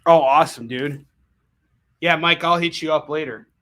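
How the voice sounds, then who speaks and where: Man, bright forceful voice, a bit high, joking sales patter. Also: normal speed. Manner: jokey, punning sales patter. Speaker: comic book seller. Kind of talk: live sales stream.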